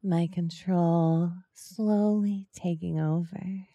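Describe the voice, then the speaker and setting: A woman in whispered role-play, speaking softly and coaxingly, with teasing murmurs close to the microphone. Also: fairly low pitch, fairly even intonation, no echo. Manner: soft, slow, coaxing and teasing, with breathy murmurs. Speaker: ASMR role-play performer.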